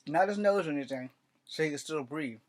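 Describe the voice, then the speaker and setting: A man's voice: on the high side, a little fast. A man hosting a casual vlog who chattily retells the chapter he is writing, rambling and swearing freely. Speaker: writer and channel host.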